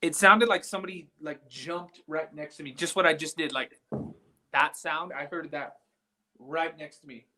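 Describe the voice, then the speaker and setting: A man investigating a site live, excitable and quick to react to sounds around him. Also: fairly high pitch. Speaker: paranormal investigator.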